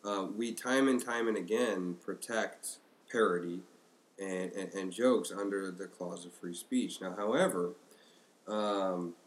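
A man co-hosting a podcast in casual discussion, halting, with many fillers and restarts. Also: low-pitched, low-quality recording. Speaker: podcast co-host.

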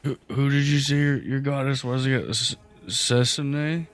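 A man's voice: medium pitch, fairly even intonation, moderate pace, a bit bright, no echo, soft background music. A man speaking as a player in a tabletop game, casual and a little stumbling.

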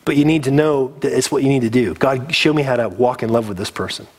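A man's voice: mid-range voice, quick pace. A man preaching a sermon as a pastor, earnest and conversational, getting teary.

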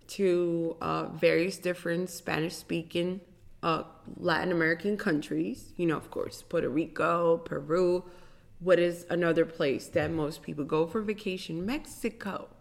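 A woman hosting a podcast, speaking slowly and deliberately with pauses and restarts. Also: fairly low pitch, creaky. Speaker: podcast host.

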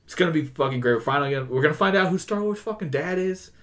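A young man chats about films with lively, swooping intonation and a slightly high voice. He swears constantly and restarts his sentences as he goes. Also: rapid-fire. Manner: animated, profane, stumbles over words. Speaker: podcast co-host. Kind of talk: casual movie chat.

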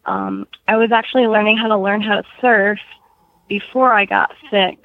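A woman's voice: mid-range voice, very animated, normal speed, dry recording. A woman in her twenties, short of breath, chatting as a guest author on a podcast and laughing often. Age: 20s. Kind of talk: casual podcast interview. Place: home in Florida. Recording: dull lo-fi audio.

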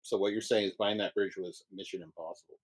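A man's voice: sits low, steady tone, fast, slightly rough. A man co-hosting a casual podcast chat, mostly agreeing briefly and throwing in dry jokes. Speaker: podcast co-host.

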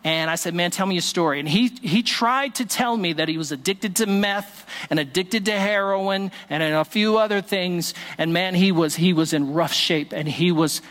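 High-voiced pastor preaching in a reverberant hall. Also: male voice, a bit bright. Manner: storytelling with quoted dialogue and filler "uh". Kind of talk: sermon.

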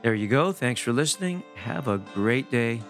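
A man's voice: medium pitch, normal speed, music in the background. A middle-aged man hosting his own podcast as a hypnotherapist, talking casually and animatedly, sometimes acting out how people sound. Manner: animated, swooping delivery with playful demonstrations of voices. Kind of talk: casual solo podcast talk.

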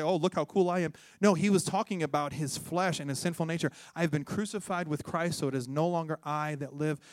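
Pastor guy preaching in church, fervent, loud then hushed, higher voice, dry close sound. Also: dry recording. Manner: fervent call-and-response preaching, swings between loud and hushed. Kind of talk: sermon.

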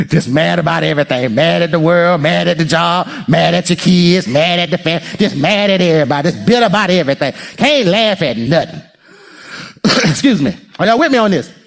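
A pastor preaches a sermon playfully and with lots of life, laughing often and speaking directly to the congregation. His voice is a little high with vocal fry, and he talks a little fast.

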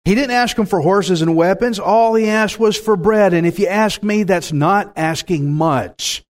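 A man's voice: high-pitched, unhurried. A man preaching a sermon, with dramatic swings and calls to the congregation. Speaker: pastor.

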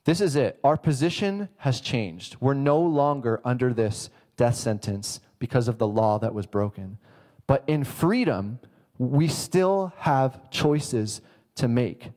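Male preacher, mid-pitch, relaxed and conversational, acts out his illustrations with quick character voices. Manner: casual, self-correcting, laughs at his own example. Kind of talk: sermon.

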